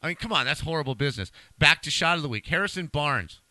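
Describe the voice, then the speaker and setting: A man's voice: fairly high pitch, animated, fast talker, bright, forceful tone, no echo. A middle-aged man co-hosting a casual podcast, telling stories in a laid-back, emphatic way. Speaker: podcast co-host. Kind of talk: casual chat.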